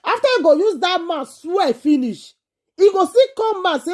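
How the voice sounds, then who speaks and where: Animated Nigerian woman vlogger. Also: extremely high pitch, normal speed. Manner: emphatic, repetitive, exclaiming. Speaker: vlogger host. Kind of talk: excited monologue to camera.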